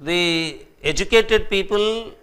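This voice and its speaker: A man's voice: high-pitched, slow, clean tone. A man giving a classroom lecture as a professor, acting out quoted speech as he explains. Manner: animated, acts out quoted speech.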